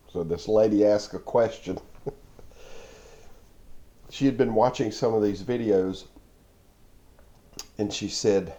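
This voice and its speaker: A man's voice: on the low side, slow, pauses often, warm tone. A man giving a devotional talk, telling a parable with emphatic repeats and laughs. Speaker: Christian video preacher.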